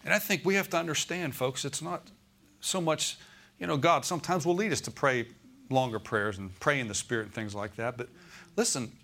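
A man's voice: medium pitch, fairly quick, creaky, fairly bright tone. A man preaching a sermon to his congregation, emphatic and repeating key phrases, asking the room if they follow. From United States. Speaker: pastor. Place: church sanctuary with congregation.

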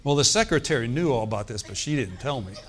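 A man pastor telling a story in a sermon, animated, with asides and quoted dialogue. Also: mid-range voice, fast, a faint crowd.

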